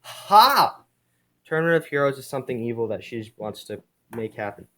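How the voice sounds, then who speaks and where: A man casually reading aloud a comic he drew as a kid, speaking quietly and making self-mocking jokes along the way. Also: medium pitch, fast. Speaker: video creator.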